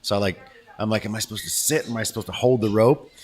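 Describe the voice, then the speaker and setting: Host: middle-aged man, lowish voice, lively storyteller who acts out what people said. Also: fast. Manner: animated storyteller, acts out quotes. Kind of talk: casual chat over food.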